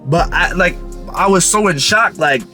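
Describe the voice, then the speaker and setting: A man's voice: high-pitched, measured pace, bright, forceful tone, soft background music. A young man telling a casual storytime vlog in a slangy, rambling way, full of fillers. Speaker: vlogger.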